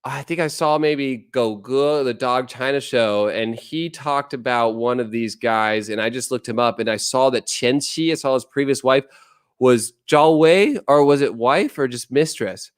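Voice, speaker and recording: Male streamer in his thirties, casual and profane, smooth voice, dry close-mic sound. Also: medium pitch, measured pace, dry recording. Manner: blunt, profane, rambling, reads chat aloud. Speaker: livestream host. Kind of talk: casual livestream chat.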